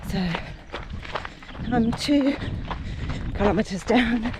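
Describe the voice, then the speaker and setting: A woman's voice: on the high side, takes it slowly. Woman, 50s, chatty vlogger talking to a handheld camera mid-run by a lake, breathless at times; noisy outdoor sound. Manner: chatty, talks between breaths while running. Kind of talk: casual vlog while out running. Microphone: handheld camera while running.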